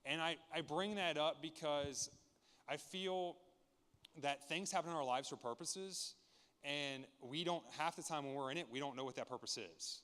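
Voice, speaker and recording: Earnest man, smooth voice in reverberant church. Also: a little high, moderate pace, fairly bright tone. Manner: candid, earnest storytelling with frequent restarts. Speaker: church member giving his testimony. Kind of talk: personal testimony to a church congregation. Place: large church sanctuary. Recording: long reverb of a church hall.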